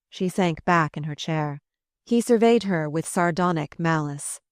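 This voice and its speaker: Low-voiced female audiobook narrator. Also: moderate pace, dry recording, studio quality. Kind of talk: scripted narration.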